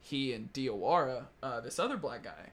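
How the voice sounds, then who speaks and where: A young man from Kentucky hosting a podcast, telling animated stories with lots of swearing and laughing asides. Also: medium pitch, normal speed. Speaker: podcast host. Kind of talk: casual storytelling chat.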